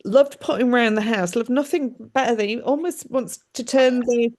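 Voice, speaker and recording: Chatty woman with a bright pitch. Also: normal speed. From United Kingdom. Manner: chatty, animated, laughs often. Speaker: medium. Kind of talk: live mediumship demonstration.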